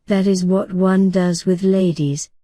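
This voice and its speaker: A woman's voice: lowish voice, fairly even intonation, measured pace, mellow, no room sound, close to an everyday voice. A woman doing a fussy boy playing doctor. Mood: mock-solemn. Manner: hesitant, mock-solemn, hums "eh" and "tut".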